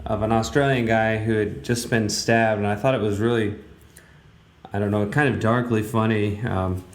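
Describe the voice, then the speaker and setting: A man's voice: lowish voice, fairly even intonation, moderate pace. A man hosting a radio talk show, giving casual, rambling commentary in a blunt way with many fillers. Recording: roomy, echoey room.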